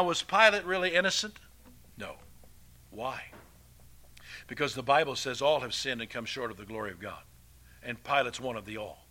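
A man preaching a sermon, his voice bright, sharp and forceful. He pitches a little above the usual male range and swings between loud, emphatic declarations and quiet, hushed passages.

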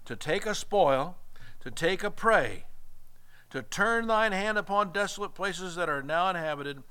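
A man's voice: a little high, fairly bright tone, smooth. A man preaching a sermon in an emphatic, folksy way, reading scripture aloud between remarks.

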